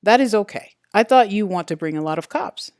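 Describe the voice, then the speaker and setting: A woman's voice: medium pitch, lively intonation, brisk, a little mellow, no room sound, clean studio sound, natural voice. A woman reading an audiobook, voicing a defensive male liquor store owner with a Middle Eastern accent and curt, broken English. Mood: calmer.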